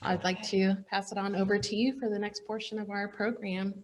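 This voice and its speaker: A woman's voice: medium pitch, flat delivery, fairly quick. Choked-up woman giving a farewell speech. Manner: choked up, laughing through tears. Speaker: outgoing chapter president. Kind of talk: emotional farewell speech at an awards program.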